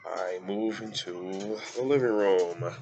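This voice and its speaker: Congested, nasal man, deep voice, halting home-vlog review, laptop mic. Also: a little mellow, muffled recording, slight background noise. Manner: rambling, hesitant with many fillers. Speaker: beer reviewer. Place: at home, moving between rooms. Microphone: laptop built-in mic.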